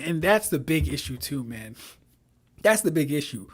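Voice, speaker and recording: A man's voice: on the high side, very animated, normal speed, husky. A young man giving casual livestream commentary, mocking and exasperated, swearing, repeating himself and laughing often. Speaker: streamer reviewing fan debates.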